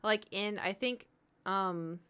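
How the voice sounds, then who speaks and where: A woman in her thirties talks casually to her stream audience. She rambles from one story to the next and laughs easily along the way. Her voice sits in a middle pitch. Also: takes it slowly, sharp tone, clear, resonant tone. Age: 30s. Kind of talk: casual chat to a live stream.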